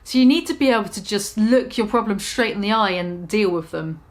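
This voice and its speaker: A woman's voice: mid-range voice, lively intonation, fairly quick. A young British woman vlogging casually, talking frankly and with self-mocking humour about staying sober. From Britain. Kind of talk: casual confessional vlog.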